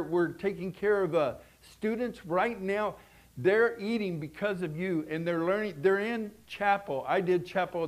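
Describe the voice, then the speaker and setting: High-voiced animated male preacher. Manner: animated, swings between loud and hushed, frequent restarts. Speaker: pastor. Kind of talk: sermon.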